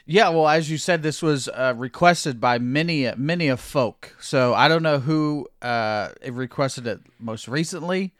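A man's voice: fairly high pitch, a little slow, few pauses, a bit bright, dry recording, clean studio sound. Laid-back male podcast co-host. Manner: laid-back, rambling, easy-going. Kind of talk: casual chat.

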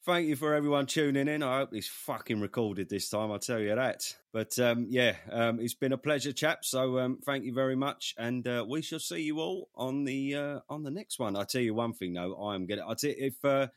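A man's voice: mid-range voice, fairly quick, hardly any pauses, dry recording, studio quality. A man hosting a podcast in casual chat, swearing freely as he wraps up the episode. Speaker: podcast host.

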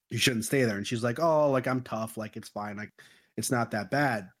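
A man's voice: lowish voice, a little fast. A man podcast host casually retelling a horror movie plot, full of slang and swearing. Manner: animated retelling with crude slang. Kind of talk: casual movie review chat.

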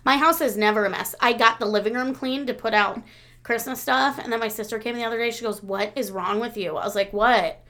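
Rambling young woman podcaster, higher voice. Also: quick pace. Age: young adult. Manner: rambling, frequent fillers, swings between quiet and loud. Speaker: podcast co-host. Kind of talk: casual chat.

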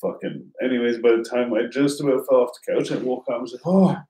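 A man's voice: mid-range voice, fast talker, mellow. Man telling stories loosely, roomy sound. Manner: rambling, heavy swearing, lots of fillers. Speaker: storyteller. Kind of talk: casual chat. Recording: roomy echo.

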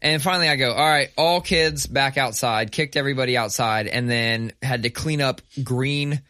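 A middle-aged man telling a profane, animated story in casual podcast chat. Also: medium pitch, normal speed, no echo, clean studio sound.

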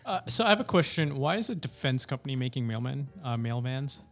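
Fast-talking man cracking crude jokes. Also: mid-range voice, expressive, soft background music. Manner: crude joker, calls everyone dude. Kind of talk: casual group chat.

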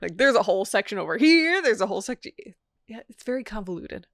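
A woman's voice: medium pitch, very animated, quick pace, fairly bright tone, no room sound, studio quality. A woman co-hosting a podcast, chatting casually about a movie, laughing at her own confusion as she rambles. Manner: laughing, self-deprecating, rambling. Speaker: podcast co-host. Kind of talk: casual movie review chat.

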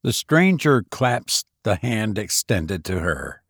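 A man reading a classic story aloud as host of a podcast, in a measured, deliberate way. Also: on the low side, big pitch swings, a bit bright, breathy edge, dry recording, studio quality.

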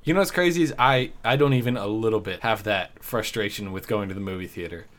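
A man's voice: lowish voice, quick pace, fairly bright tone. Enthusiastic podcast host man. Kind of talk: casual podcast chat.

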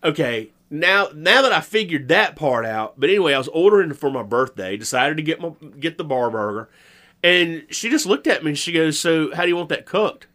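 A man's voice: fairly high pitch, very animated, fairly quick, sharp tone. A middle-aged man telling rambling food stories in casual podcast chat, laughing easily. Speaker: podcast co-host.

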